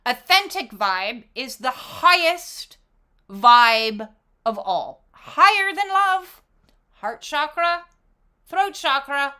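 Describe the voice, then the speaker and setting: A woman's voice: high-pitched, big pitch swings, takes it slowly, bright, forceful tone. A woman doing a casual oracle card reading, talking emphatically with lots of fillers and casual swearing. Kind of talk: casual spiritual talk to camera.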